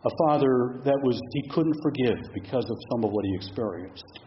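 A man's voice: medium pitch, normal speed, dull audio, slight background noise. A middle-aged man preaching a sermon in a church, reflective and asking the congregation question after question. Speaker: pastor.

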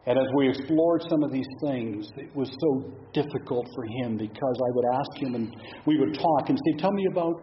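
A man's voice: mid-range voice, moderate pace, dull audio, slight background noise. A middle-aged man preaching a sermon in a church, reflective and asking the congregation question after question. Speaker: pastor.

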